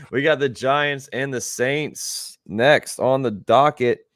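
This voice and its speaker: A man's voice: mid-range voice, drawn-out words, a bit bright, dry recording, studio quality. A man co-hosting a casual football talk show, laid-back and chuckling, greeting chat viewers as he talks. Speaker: sports show co-host.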